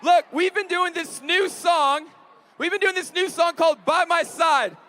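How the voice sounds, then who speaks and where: Loud high-pitched male camp host. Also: measured pace, noisy background. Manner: energetic, loud, calling out to a crowd. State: straining voice. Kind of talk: shouted stage hosting. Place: large camp event hall.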